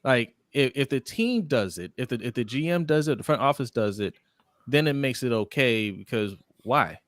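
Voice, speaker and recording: Man, sports podcast co-host, lively pitch, dry close sound, casual debate. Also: no echo. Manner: animated, laughs often, quick agreement.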